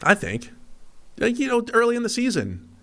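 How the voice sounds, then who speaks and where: A man's voice: extremely high pitch, wildly swooping pitch, normal speed, a bit bright. A man co-hosting a casual sports podcast, rambling and mimicking hesitant noises to make a point. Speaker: podcast co-host.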